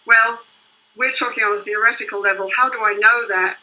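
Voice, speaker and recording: A woman's voice: medium pitch, fairly even intonation, a little fast, bright, forceful tone, muffled recording. An older woman, a couples therapist, explaining her work in earnest, flowing interview answers. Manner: earnest, explains in long flowing runs with "you know" and "right?".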